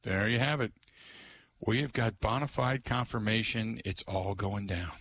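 A man hosting a sports talk radio show, chatting casually in an excitable way and repeating his catchphrases. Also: on the low side, measured pace.

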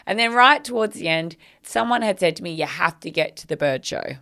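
Animated woman telling a story. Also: fairly low pitch, fairly quick. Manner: animated, acts out quotes, swears freely. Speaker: podcast co-host. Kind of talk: casual storytelling chat.

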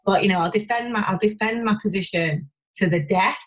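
A woman talking frankly as an interview guest. She rushes through her thoughts, tumbling over restarts and casual swearing. Her voice sits in a middle register. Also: medium pitch, poor audio. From Warrington, England. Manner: rapid, animated, swears freely, many restarts. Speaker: podcast guest, business owner. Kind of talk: candid conversational interview.

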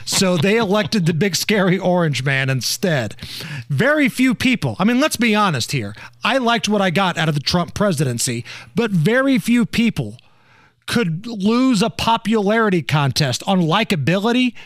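A man with a high voice hosts a political talk show and lays his sarcasm on thick, mocking as he goes. His voice sounds close and dry, with no room around it. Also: sing-song, normal speed, fairly bright tone, no echo. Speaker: show host. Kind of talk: political commentary chat.

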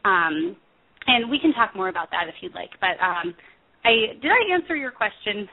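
A woman, a music therapist, talking earnestly in an interview, pausing with frequent ums and restarts. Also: mid-range voice, very animated. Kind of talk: conversational interview over the phone. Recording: tinny phone line.

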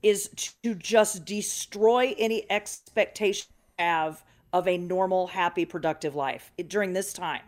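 A woman co-hosting a radio show, chatty and quick to laugh, talking into a studio mic. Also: fairly low pitch. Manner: chatty, laughs easily, defensive when teased. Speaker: radio co-host. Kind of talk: casual radio banter.

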